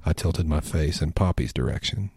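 A man narrating a first-person horror story in a hushed, measured way. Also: rumbling low, breathy edge, dry recording.

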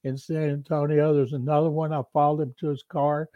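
A man telling a long sports anecdote on a podcast, animated and acting out the quoted voices. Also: on the high side, fairly quick, no echo, lo-fi sound. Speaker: beat reporter and co-host.

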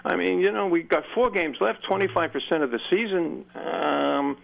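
A man's voice: high voice, normal speed, vocal fry. Older male caller on a muffled line. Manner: rambling, frustrated.

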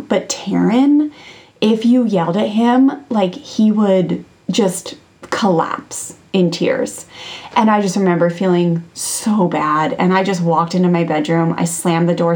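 A woman in her thirties, a podcast host and parenting coach, telling a personal story in a chatty way, with many fillers and restarts. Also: lowish voice. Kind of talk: casual storytelling monologue.

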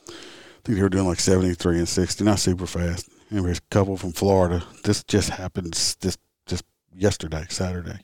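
A man's voice: low voice, little pitch movement, a little fast, darkish tone, dry recording, clean studio sound. A man who hosts a podcast and works as a traffic officer, telling stories in a casual, rambling, blunt way with the odd curse word. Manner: rambling, blunt, occasional swearing. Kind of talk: casual storytelling monologue.

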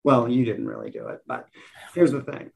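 A man's voice: medium pitch, huge pitch swings, normal speed, creaky, a little mellow, breathy edge. A young man hosting a podcast, gushing with enthusiasm in casual chat. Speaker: podcast host.

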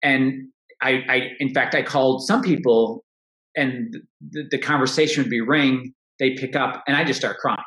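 A man's voice: medium pitch, fairly even intonation, moderate pace, fairly bright tone. Earnest middle-aged man in a roomy space. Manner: reflective, earnest, frequent restarts. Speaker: coach. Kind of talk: interview conversation. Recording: roomy echo.

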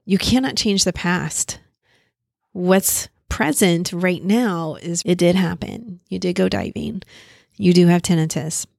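A woman's voice: on the low side, a little slow, gravelly, darkish tone, dry recording, studio quality. A woman therapist explaining a coping skill in a casual, conversational way, thinking aloud as she goes. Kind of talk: casual teaching talk.

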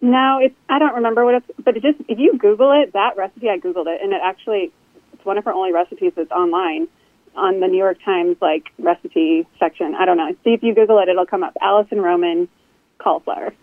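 Quick excited woman cohost, sounds like a phone line, dry. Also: mid-range voice, no room sound. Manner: quick, enthusiastic. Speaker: podcast co-host. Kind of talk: casual chat.

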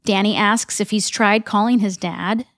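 A woman's voice: medium pitch, steady tone, moderate pace, fairly bright tone, no echo, studio quality. A woman co-hosting a podcast, retelling a TV episode scene by scene and reading the characters' lines aloud with chatty asides. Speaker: podcast co-host. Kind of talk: episode recap narration.

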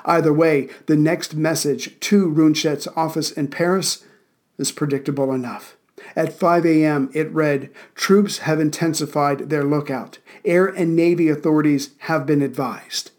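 A man's voice: fairly high pitch, fairly even intonation, a little slow, a little mellow. A man hosting a history podcast from Central Virginia, narrating events with dry, wry asides and thanking listeners casually.

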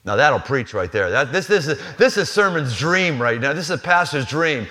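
At a live church venue, a pastor delivers a sermon in a slightly high, pushed, bright voice with lively intonation and a moderate pace. His style is conversational and humorous, and he often acts out the people in the story.

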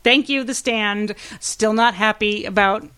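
A woman's voice: mid-range voice, unhurried, a bit bright, clean tone. Enthusiastic woman podcast co-host, candid. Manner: enthusiastic, candid, swears freely. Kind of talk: casual pop culture review chat.

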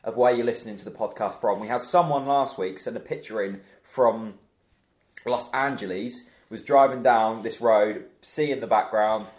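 A man chats loosely about football on a podcast, joking and laughing along with his co-hosts. His voice sits a little low. The room around him rings with echo. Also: moderate pace, a little mellow. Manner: chatty, jokey, laughs easily. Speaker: podcast host. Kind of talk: casual football podcast chat. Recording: echoey room.

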